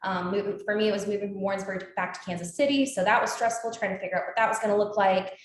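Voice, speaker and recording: A woman in her twenties, appearing as an alumni guest in a casual interview, tells a story at a quick pace. Her voice is medium-pitched with fairly even intonation, and she uses plenty of fillers and quoted dialogue. The room has an echo.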